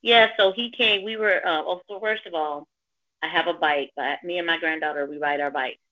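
Low-pitched and speaking at normal speed, a middle-aged woman, a grandmother, tells a personal story as a caller in a casual chat. She's animated and performs the voices of the people she quotes; the recording is dull lo-fi with no room sound.

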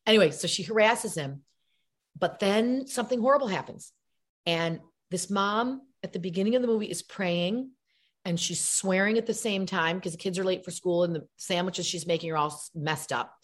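As an interview guest, the middle-aged comedian and actress chats at a moderate pace with a fairly low pitch, acting out quotes in voices as she spins lively stories.

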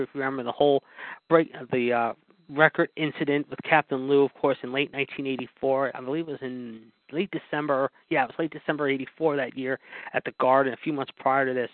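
A man's voice: mid-range voice, dry recording. A man hosting a podcast, telling wrestling stories in a rambling casual way, full of fillers and repeated asides. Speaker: podcast host. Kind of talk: casual storytelling about wrestling history. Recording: dry, phone-like narrow sound.

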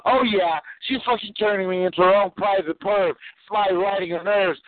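A man with a high-pitched voice rattles off profane performance poetry in a rapid, restless flow. The sound is dry and narrow like a phone call. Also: no room sound. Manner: rapid, profane spoken-word delivery. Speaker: poet. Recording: tinny phone line.

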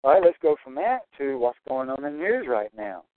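A man talks in an earnest preaching monologue and circles back to stress each point. His voice sits at an ordinary middle pitch. It comes through a tinny, phone-like line with a dry, close sound. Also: big pitch swings, a little fast, no room sound. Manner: earnest, repetitive, preacher-like emphasis. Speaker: Christian prophecy broadcaster.

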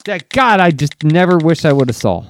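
A man's voice: on the high side, sing-song, moderate pace, slight background noise. A man co-hosting a podcast in casual chat, blunt and profane as he rants about movies. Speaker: podcast co-host.

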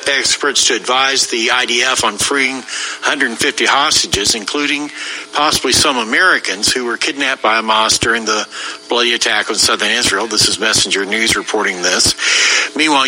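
A man co-hosting a talk show, explaining news reports in a measured way with some halting restarts. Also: mid-range voice, sharp tone, poor audio. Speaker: co-host. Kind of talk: conversational news commentary.

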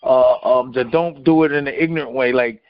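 An older man calling in to a radio show, talking earnestly and haltingly, repeating himself. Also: medium pitch, no room sound. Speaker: caller. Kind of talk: casual call-in radio chat. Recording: muffled phone-in audio.

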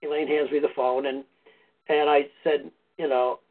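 A man's voice: fairly high pitch, little pitch movement, moderate pace. A man, a podcast guest, casually telling a meandering personal story in a conversational way. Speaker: podcast guest, foundation founder. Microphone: phone or call line. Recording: tinny phone-line audio.

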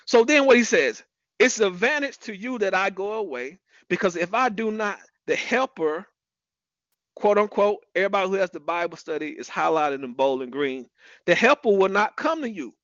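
High-voiced man preaching a lively sermon. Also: normal speed, dry recording, lo-fi sound. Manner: lively preaching, calls out names in the room. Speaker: pastor.

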